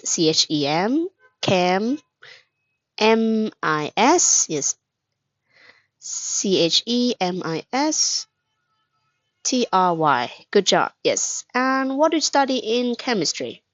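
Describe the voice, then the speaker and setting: A woman's voice: medium pitch, no room sound, lo-fi sound. A woman teaching an English lesson, patient, asking questions, praising and spelling words out, with a mother tongue. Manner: patient, asks questions then praises, glosses words in Vietnamese.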